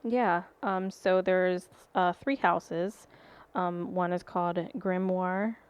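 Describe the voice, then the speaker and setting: A woman's voice: fairly low pitch, steady tone, slow, clean tone. A woman co-hosting a podcast, chatting casually with frequent ums and likes. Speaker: podcast co-host. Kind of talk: casual chat.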